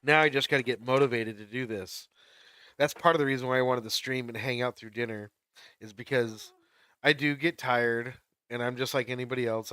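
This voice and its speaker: A laid-back man streaming a game and chatting with his viewers, often laughing as he tells stories. His voice sits at an ordinary pitch and is recorded dry and close, with no room sound. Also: bright, forceful tone, clean tone, dry recording. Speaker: livestreamer. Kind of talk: casual livestream chat.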